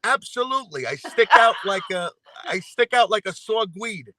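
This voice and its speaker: Animated New York man, bright voice. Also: high voice, moderate pace, slight background noise. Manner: animated storyteller, many fillers and restarts. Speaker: guest singer. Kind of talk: casual chat.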